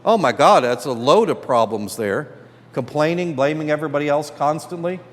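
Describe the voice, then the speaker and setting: Animated priest teaching in a reverberant hall. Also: male voice, a little high, normal speed. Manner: animated, acts out characters' complaints. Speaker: priest teaching a Bible class. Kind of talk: classroom Bible lesson. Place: church hall.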